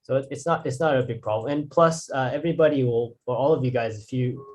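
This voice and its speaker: A man's voice: mid-range voice, fast talker. A man teaching drawing in a casual, rambling way, restarting sentences and using fillers. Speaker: art instructor.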